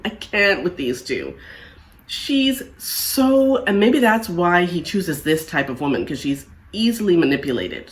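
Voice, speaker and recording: A woman hosting a casual reality TV recap, talking in an exasperated, sarcastic way. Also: mid-range voice.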